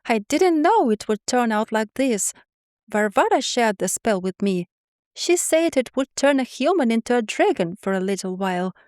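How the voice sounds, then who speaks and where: A woman's voice: a little high, very animated, normal speed, darkish tone, dry recording, studio quality. A woman voicing a young male cat who studies magic, hasty and fussy in manner. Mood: flustered.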